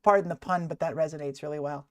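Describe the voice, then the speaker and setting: A woman hosting a talk show, interviewing her guest in a relaxed conversational way, and often restarting her sentences. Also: low voice, fast. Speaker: show host.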